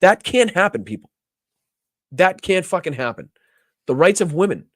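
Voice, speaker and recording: A man's voice: high-pitched, big pitch swings, moderate pace, no room sound, clean studio sound. A man hosting a political show, giving impassioned, profanity-laced commentary and repeating words as he gets emotional. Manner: heated, profane, repeats words when worked up. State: emotional, near tears.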